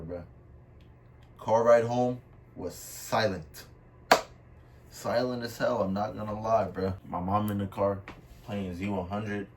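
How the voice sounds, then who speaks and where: A man's voice: low-pitched, a little mellow. Slangy young guy telling a story. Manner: slangy, says "bro" and "I was like" a lot. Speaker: storytime vlogger. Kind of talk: casual storytelling. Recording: somewhat distant mic with faint room noise.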